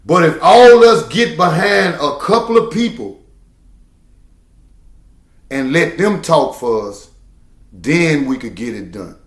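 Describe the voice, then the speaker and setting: A man holds forth on camera in a preachy, emphatic monologue, circling back to the same phrases to drive each point home. His voice sits a little high for a man. The sound rings around an echoey room. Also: lively intonation, slow, long pauses. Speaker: truck driver.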